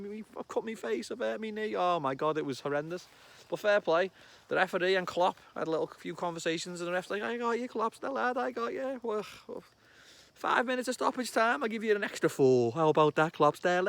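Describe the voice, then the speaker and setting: Brief: high-voiced Scouse lad in his thirties, excitable and sweary, ranting about football outdoors. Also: no echo. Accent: Liverpool. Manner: excitable, chatty, swears, loud bursts. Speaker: football fan vlogger. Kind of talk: casual match reaction vlog. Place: outdoors among trees.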